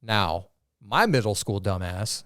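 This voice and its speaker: Smooth-voiced man telling a profane story. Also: on the low side, slow pace, dry recording, clean studio sound. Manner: storytelling, profane and animated, acts out quoted voices. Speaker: podcast co-host. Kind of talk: casual chat.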